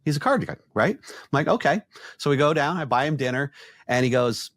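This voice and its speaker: A middle-aged man, an executive coach, telling blunt, animated stories in a podcast conversation and acting out the quotes. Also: on the high side, fairly quick, dry recording, clean studio sound.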